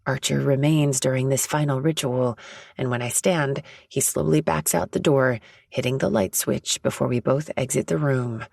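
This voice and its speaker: A woman reads a romance audiobook in the first person, soft and intimate. Her voice is husky with a gravelly creak, and the sound is dry and close to the mic. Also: a bass voice, normal speed, no echo. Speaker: audiobook narrator.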